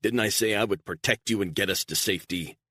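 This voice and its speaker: A man's voice: on the low side, fast, fairly bright tone, dry recording, clean studio sound, pitched above the performer's own voice. A man voicing a cold, controlled male covert operative who speaks in curt, firm commands. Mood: stern.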